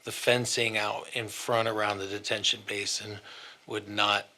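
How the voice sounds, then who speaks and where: A man's voice: fairly low pitch, little pitch movement, unhurried, pushed and bright. A man representing an applicant, explaining plans in a precise way. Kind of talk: formal testimony.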